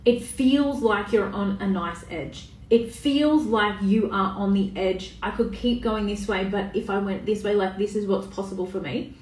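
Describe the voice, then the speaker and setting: A woman's voice: medium pitch, moderate pace, a little mellow, slight background noise. A woman, talking casually on a live stream as a coach, swearing freely and greeting viewers by name. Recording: echoey room, voice a bit far off.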